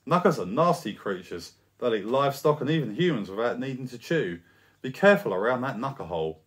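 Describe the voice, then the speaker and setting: A man's voice: mid-range voice, sing-song, brisk, lightly acted. A man voicing a furniture mover who tells an eager boy an old local monster legend in a storybook reading. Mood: warning. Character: knowing adult furniture mover telling legends.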